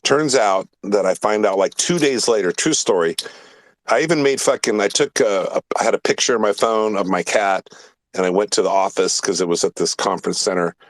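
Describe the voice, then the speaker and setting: A low-pitched man hosting a loose talk show, rambling through a story with plenty of profanity and emphatic asides. His voice is recorded dry and close, with no room sound. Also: a little fast, no echo. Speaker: podcast host. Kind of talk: casual storytelling chat.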